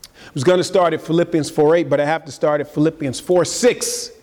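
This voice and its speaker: A man's voice: on the high side, steady tone, brisk, a little mellow. A man preaching a live-streamed sermon as pastor, earnest and building to emphatic peaks. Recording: long church-hall reverb.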